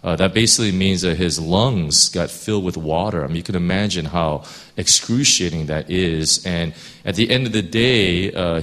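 A man with a very low, deep voice reads scripture aloud at a steady pace. Once he shifts into preaching, his speech loosens, full of fillers and restarts as he works through his thoughts.

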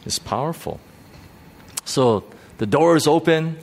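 A male pastor preaching a sermon in a church, animated and emphatic, often repeating himself as he builds to a point. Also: unhurried, creaky. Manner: animated preaching, rising to high pitch for emphasis, frequent repetitions.

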